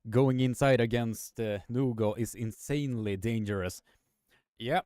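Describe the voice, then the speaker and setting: A young man calls arm wrestling matches live in a slow, unhurried way. His voice sounds smooth and clear, recorded close and dry with no room sound. He stumbles through fillers and restarts and goes higher when the pulls get intense. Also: darkish tone, no echo. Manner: halting, many fillers and restarts, rises in pitch on the action. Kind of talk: live sports commentary with chat.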